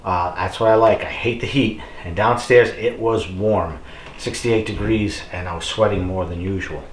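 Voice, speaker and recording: A middle-aged man with a lowish voice gives a rambling, encouraging talk to his viewers, full of "uh" and "you know". His voice sits in an echoey room with a faint hum of ambient noise behind it. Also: steady tone, normal speed. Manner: chatty and rambling, with many fillers; encouraging, addresses viewers as folks. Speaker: fitness vlogger. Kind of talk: casual motivational talk to camera.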